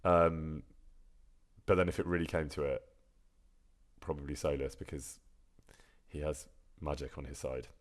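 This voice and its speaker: A man's voice: extremely low pitch, fairly even intonation, measured pace, pauses often. A man, chatting casually on a live stream and answering viewer questions, self-deprecating and laughing often. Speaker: streamer and actor.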